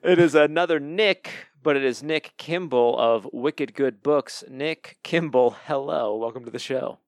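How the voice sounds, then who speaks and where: A man's voice: medium pitch, unhurried, no echo. A man hosting a casual podcast, teasing his co-host with jokes. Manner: jokey, teasing.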